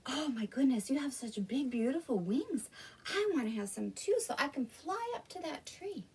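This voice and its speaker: A woman's voice: high voice, measured pace, breathy edge, far from the mic, full character voice. A woman voicing a curious, eager little male pig in a read-aloud storybook. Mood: excited. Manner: excited, wide-eyed questions.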